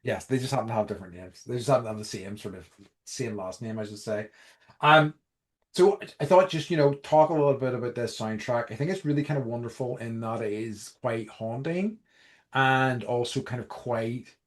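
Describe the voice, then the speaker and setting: A man's voice: medium pitch, fairly quick. Rambling young podcast co-host, a man. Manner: rambling, many fillers and restarts. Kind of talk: casual chat.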